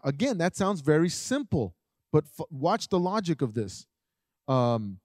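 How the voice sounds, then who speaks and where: A middle-aged man giving a conversational parenting talk, animated, often acting out what parents and children say. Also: on the high side, no echo, studio quality. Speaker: parenting speaker.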